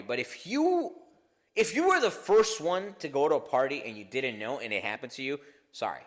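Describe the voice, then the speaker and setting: A man co-hosting a podcast, telling stories in a rambling, profane, animated way and often laughing. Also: mid-range voice, moderate pace. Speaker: podcast co-host. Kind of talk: casual comedic chat.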